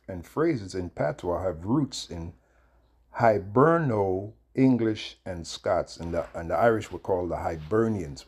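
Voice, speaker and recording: A man in his fifties hosting a video, chatting and reading aloud in a halting way with many fillers and restarts. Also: fairly low pitch, a little mellow, slightly rough. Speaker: video host. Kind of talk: casual commentary and reading aloud.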